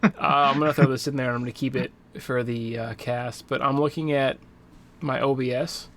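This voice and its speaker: A man's voice: mid-range voice, fairly even intonation, brisk, fairly bright tone, a little hiss or hum. Rambling gamer podcast guy. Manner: loose, rambling, lots of fillers. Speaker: podcast co-host. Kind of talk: casual chat.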